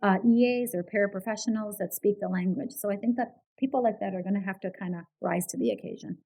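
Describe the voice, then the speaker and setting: A woman's voice: medium pitch, fast talker, creaky, dark tone, low-quality recording. Earnest woman guest, many "right?"s. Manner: earnest, repeats words, says "right?" often. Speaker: guest, behaviour analyst. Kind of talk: casual interview talk.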